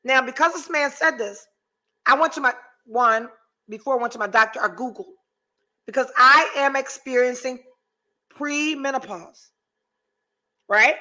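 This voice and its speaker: A woman's voice: high-pitched, measured pace, long pauses, pushed and bright, low-quality recording. A woman in her forties hosting a podcast, chatting candidly and with lots of profanity, swinging theatrically between mock despair and laughter as she reads out viewer comments. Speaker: podcast host.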